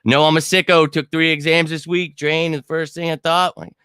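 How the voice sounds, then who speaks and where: A man's voice: fairly high pitch, little pitch movement, moderate pace, sharp tone, smooth, dry recording. A young man hosting a casual livestream chat, rambling and blunt, swearing casually. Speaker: sports channel host.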